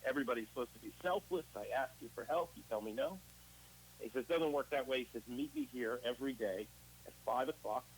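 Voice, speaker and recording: A man's voice: mid-range voice, brisk, a little hiss or hum, rough recording. A man as an interview guest, telling his recovery story in a candid, conversational way and acting out past conversations as quoted dialogue. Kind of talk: casual personal storytelling.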